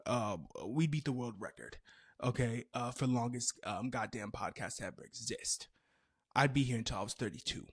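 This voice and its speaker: A man in his twenties hosting a podcast, telling stories in a loose, animated way with playful asides. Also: mid-range voice, moderate pace, husky. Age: 20s. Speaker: podcast host. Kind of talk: casual chat.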